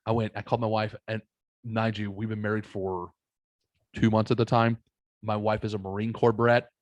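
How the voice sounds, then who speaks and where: A man from the United States, a podcast guest, telling casual stories in a blunt, heavily swearing, animated way. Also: fairly low pitch, moderate pace, dry recording, muffled recording. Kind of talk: casual storytelling chat.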